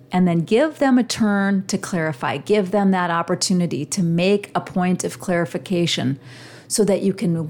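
A woman's voice: mid-range voice, a little mellow. Earnest woman coaching her listeners. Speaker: podcast host. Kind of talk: motivational teaching monologue.

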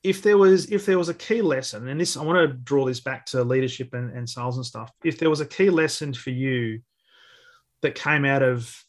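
A man's voice: mid-range voice, moderate pace. A man hosting a podcast, asking long, rambling questions with many restarts. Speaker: podcast host. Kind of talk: casual interview.

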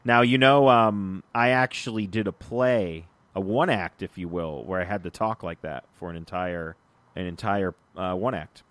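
A man's voice: sits low, normal speed, fairly bright tone, dry recording. A man hosting a casual podcast, chatting with his co-host and rambling a little, with fillers and restarts. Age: adult, uncle of a three-year-old.

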